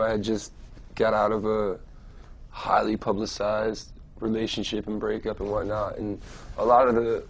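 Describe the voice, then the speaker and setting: A young adult man answering interview questions casually, rambling and relaxed, with many fillers and restarts. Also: on the low side, creaky, husky. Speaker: musician being interviewed.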